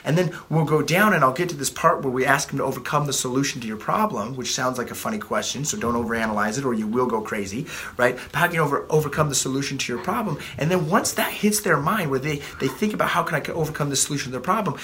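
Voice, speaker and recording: A man's voice: medium pitch, fast, sharp tone. A man in his thirties, a life coach giving a blunt motivational talk, swearing freely and often repeating himself.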